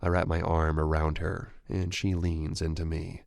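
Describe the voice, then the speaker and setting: A man narrating a romance audiobook in the first person with a steady, even reading. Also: very deep voice, a little slow, vocal fry, few pauses, dry recording, clean studio sound.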